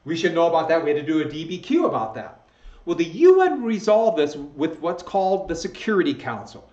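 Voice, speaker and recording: Guy teaching history off slides, kinda high voice, echoey muffled room. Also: big pitch swings, a little fast, a little mellow. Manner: conversational, self-correcting, chuckles at own slips. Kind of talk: recorded slideshow lecture. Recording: echoey room, dull lo-fi sound.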